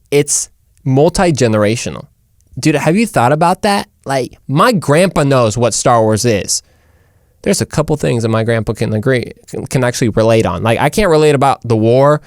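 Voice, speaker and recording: A man's voice: medium pitch, dry recording, studio quality. A young man hosting a casual comedic monologue, rambling and jokey. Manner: rambling, jokey, says "dude" and "like" often. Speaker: host.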